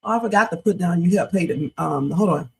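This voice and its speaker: A woman's voice: on the low side, fairly quick, breathy edge, poor audio. A middle-aged woman hosting a reaction livestream, giving blunt, emphatic commentary straight to her chat.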